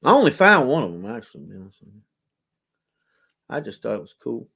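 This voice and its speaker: A man presents coins in a casual show-and-tell charity auction video, animated and chatty, joking and exclaiming as he goes. He talks fast in a medium-pitched voice that is creaky and a bit rough.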